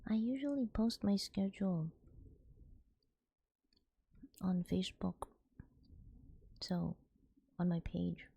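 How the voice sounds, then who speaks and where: A young woman streamer, softly whispering and giggling as she chats to her viewers in an ASMR stream. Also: medium pitch, animated, moderate pace, gravelly, husky.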